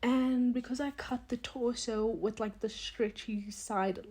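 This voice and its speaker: In a slow, fairly even delivery, a woman in her twenties chats on her own podcast, her slightly rough voice a little high yet darkish in tone. She rambles, laughs frequently, and slips into whispers, recording indoors at home by a window-lit room on a phone she holds.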